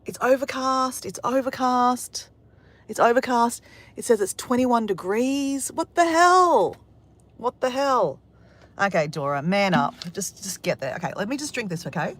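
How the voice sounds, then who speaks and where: An Australian woman chatting excitedly in a casual vlog, swearing now and then, outdoors by the ocean on a windy day. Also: fairly high pitch, normal speed. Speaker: vlogger.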